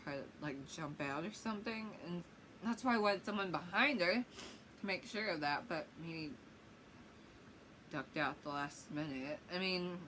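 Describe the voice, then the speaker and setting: A young woman with a slightly low voice tells a rambling story-time vlog, full of "um"s, "like"s and little giggles. A faint hiss sits under the recording. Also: a little slow, fairly bright tone, low-quality recording. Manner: rambling, giggly, lots of fillers. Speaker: vlogger.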